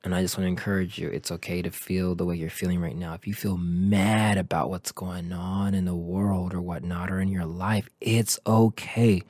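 A man's voice: low voice, little pitch movement, moderate pace, few pauses, a little mellow, no room sound, clean studio sound. A man hosting a motivational podcast, talking earnestly and encouragingly in a loose, rambling way. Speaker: podcast host.

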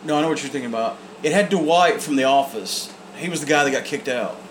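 A man's voice: medium pitch, quick pace, low-quality recording. Laid-back guy rambling about movies, ac hum behind. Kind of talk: casual chat. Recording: air conditioner hum behind.

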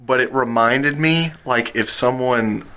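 A man co-hosting a podcast, teasing his friends in a dry, deadpan way. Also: mid-range voice, unhurried. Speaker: podcast co-host. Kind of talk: casual chat.

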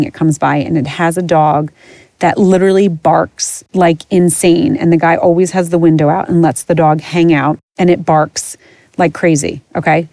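A woman's voice: lowish voice, mellow, no echo. A middle-aged woman hosting a podcast, ranting in a blunt, profane and exasperated way. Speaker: podcast host. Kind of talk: casual ranting monologue.

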